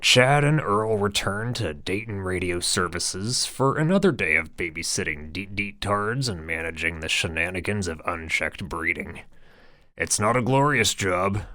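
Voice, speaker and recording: Deep-voiced crude audiobook narrator. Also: male voice, sing-song, unhurried, sharp tone, no echo, clean studio sound. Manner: crude, sardonic. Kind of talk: scripted narration.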